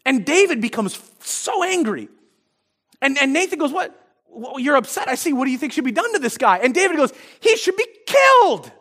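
A man's voice: very high voice, big pitch swings, brisk, a bit bright. A male pastor preaching a sermon, retelling a story and acting out the quoted lines, often restarting his phrases.

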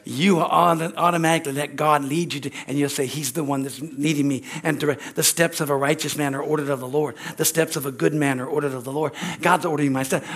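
Guy preaching sunday church sermon, slightly higher voice, goes loud then drops quiet. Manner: call-and-response preaching with frequent amens and hallelujahs; swings between loud exclamations and quiet asides. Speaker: pastor. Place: church sanctuary.

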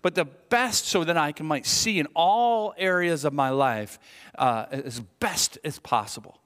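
Forties guy pastor, bright punchy voice, joking around in a sermon, big echoey hall. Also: a little high, measured pace, clear, resonant tone. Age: 40s. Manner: animated, chatty, self-deprecating, lots of restarts. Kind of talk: sermon with humorous stories. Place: church sanctuary. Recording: reverberant hall.

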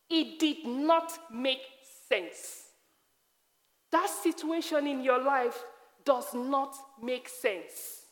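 A high-voiced woman from Africa preaches a personal testimony, emphatic and slowing to repeat key phrases. Her words carry a long reverb from a large hall or church.

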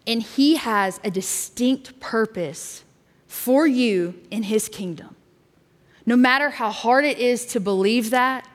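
A woman youth pastor giving a sermon and telling a personal story in a candid way, with fillers and restarts. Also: on the high side. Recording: long hall reverb.

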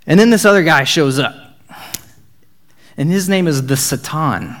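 A man's voice: on the high side, a little slow, fairly bright tone. A young man, giving a casual, joking Bible talk as a youth speaker. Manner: casual, joking, upbeat storytelling.

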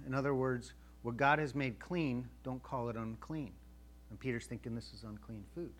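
A man's voice: mid-range voice, moderate pace. A male pastor preaching a sermon in a conversational way, acting out the voices of a Bible story and checking in with his listeners. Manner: checks in with the audience.

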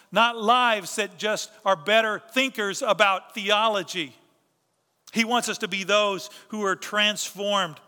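A man with a high, piercing, bright voice preaching a sermon. He drives his points home with rhetorical questions and repeated phrases. His voice carries a long reverb, as if it fills a big hall. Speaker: pastor.

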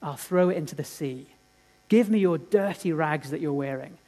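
A preacher speaking as a tender pleading savior. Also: male voice, fairly high pitch, lightly acted. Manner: gentle, slow, earnest.

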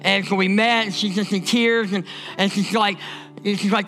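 A man's voice: high voice, normal speed, sharp tone, faint music behind. A man from Indiana preaching a sermon as a pastor, emphatic and repetitive, often restarting his words.

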